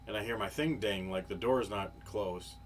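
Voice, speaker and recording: A man's voice: fairly low pitch, normal speed. Rambling, profane man telling a story. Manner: rambling, profane, lots of fillers. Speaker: podcast co-host. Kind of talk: casual storytelling chat. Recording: live podcast, faint background noise.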